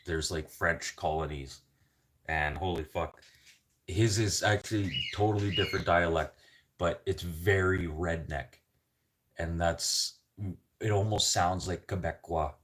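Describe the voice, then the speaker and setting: Man, very low voice, casual rambling chat, profane and joking, faint background noise. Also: steady tone, measured pace, fairly bright tone. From Canadian prairies. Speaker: vlogger.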